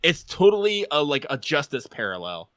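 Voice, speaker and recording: Excitable young dude, voice swoops all over, bright and dry. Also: male voice, a little high, moderate pace, no room sound. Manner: excitable, jumps in with quips. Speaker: podcast co-host. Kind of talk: casual anime discussion.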